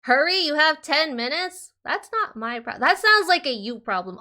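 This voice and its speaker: Giggly woman streamer, lively voice. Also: high-pitched, normal speed, hardly any pauses. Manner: giggly, playful teasing. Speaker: game streamer. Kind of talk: casual let's-play commentary. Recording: faint game music behind.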